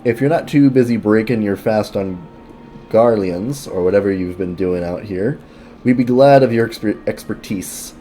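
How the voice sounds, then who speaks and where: A man's voice: on the low side, normal speed, mellow, a little hiss or hum, natural voice. A man reading a friendly quest-giver's game dialogue aloud in a plain voice, with small slips.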